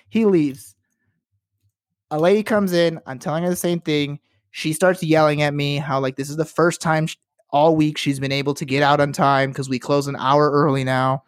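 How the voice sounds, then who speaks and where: A man's voice: fairly high pitch, moderate pace, no room sound. Guy on a podcast ranting about his day at work, cursing a lot, doing voices, dry mic. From works in Los Angeles. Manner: animated, profane, acts out quotes. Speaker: podcast co-host. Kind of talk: casual storytelling chat.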